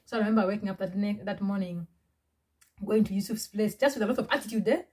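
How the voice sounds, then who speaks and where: Woman vlogger, husky and mid-pitched, chatty and full of restarts. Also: fast talker, dark tone. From Uganda. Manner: chatty, repetitive, with many restarts and fillers. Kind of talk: storytime vlog.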